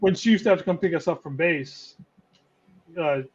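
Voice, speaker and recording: A man co-hosting a casual fan podcast, rambling in a relaxed way and laughing easily. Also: fairly high pitch, normal speed, breathy edge, lo-fi sound. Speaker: podcast co-host.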